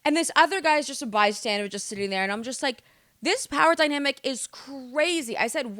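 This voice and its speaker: A young woman from the United States tells stories on her podcast, animated and quick to swear. Her voice is bright and a touch high. The sound is close and dry. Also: no echo. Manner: animated, swearing, exaggerated storytelling. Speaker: podcast host. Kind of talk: casual storytelling monologue.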